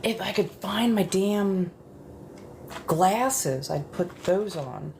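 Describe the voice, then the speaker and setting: A woman chatting in a soft-spoken ASMR style, rambling casually as she goes. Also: mid-range voice, lively intonation, slow pace, gravelly, slight background noise. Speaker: ASMR creator.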